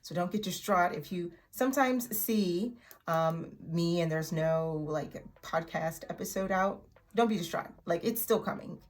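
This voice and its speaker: A woman teaching an English vocabulary lesson in a chatty way, repeating words slowly for learners to echo. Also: on the low side. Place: in Oklahoma.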